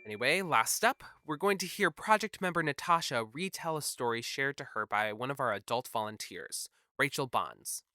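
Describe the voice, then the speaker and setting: A man's voice: medium pitch, expressive, normal speed, few pauses, pushed and bright, faint music behind. A man hosting a podcast, giving friendly, conversational introductions and credits. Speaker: podcast host.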